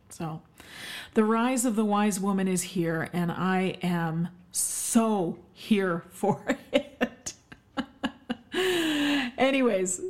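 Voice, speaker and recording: A middle-aged woman from Canada hosting her own podcast solo, talking in an emphatic, effusive way with many ums and uhs. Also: on the low side. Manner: warm, emphatic, effusive with frequent fillers. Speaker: podcast host, health expert.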